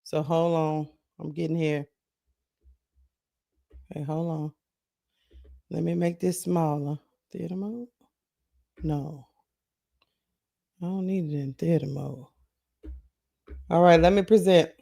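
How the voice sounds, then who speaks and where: A man with a high voice hosts a live sports talk stream. He chats casually and loosely, greets viewers by name and thinks aloud while he looks for things. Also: steady tone, slow pace, creaky, pauses often, warm tone.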